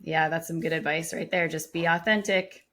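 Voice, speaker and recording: Woman podcast host, lowish voice, keeps nodding along and summing up what the guest said. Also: steady tone, normal speed. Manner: warm, affirming, sums up the guest's points. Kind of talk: casual interview chat.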